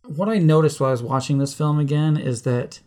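A man's voice: a little high, fast talker, darkish tone. A man co-hosting a movie podcast, rambling and catching himself mixing up names. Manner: rambling, trips over names and corrects himself. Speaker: podcast co-host. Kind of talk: casual chat.

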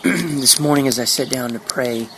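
A middle-aged man talking earnestly about his faith and family, reflective, with halting restarts. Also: medium pitch, noisy background. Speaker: father sharing a spiritual journal. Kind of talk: personal faith diary monologue.

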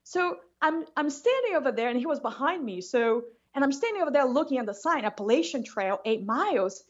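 A woman guest telling an animated story in casual chat, often restarting and repeating herself. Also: high-pitched, brisk, dull audio. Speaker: interview guest.

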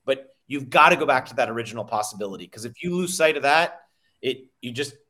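A man's voice: mid-range voice, fast talker. A man being interviewed as a sales coach, talking energetically and telling stories, often repeating himself and acting out quoted people. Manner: energetic, repeats words and restarts, quotes people in lively voices. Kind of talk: conversational interview storytelling.

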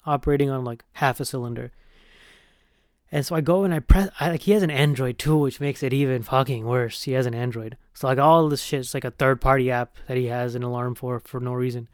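A man's voice: medium pitch, steady tone, brisk, dry recording, clean studio sound. A young man telling a long, profane, rambling story in casual podcast chat, full of "like" and "right?". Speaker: podcast host.

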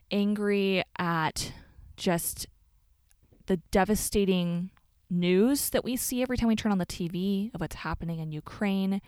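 Woman podcaster, low-pitched, reflective and candid, dry close recording. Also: a little mellow, smooth, dry recording. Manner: candid and reflective, with frequent restarts. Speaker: podcast host. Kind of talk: solo podcast monologue.

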